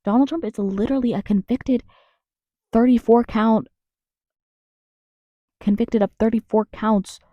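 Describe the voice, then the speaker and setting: In a closet-recorded vlog, a young American woman rants and swears angrily, rambling and restarting her sentences. Her voice is a little high, her pace measured, and she pauses often. There's no echo, but the recording sounds muffled.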